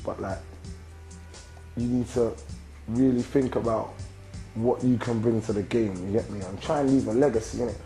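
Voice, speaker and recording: A young London man in his twenties answers interview questions in a loose, slang-heavy flow, with a low, mellow voice. There is a gravelly fry to his tone. Faint music plays behind him. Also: fairly even intonation, normal speed, pauses often, low-quality recording. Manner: slang-heavy, constant "you get me" tags. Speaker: rapper and actor being interviewed.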